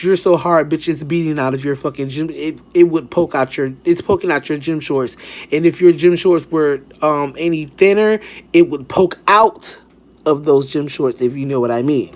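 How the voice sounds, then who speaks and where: A man telling a personal story in a sassy, animated storytime style, swinging between high exclamations and low asides. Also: normal speed. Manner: sassy, animated, lots of swearing and pitch swings. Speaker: storytime vlogger. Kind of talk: casual storytime.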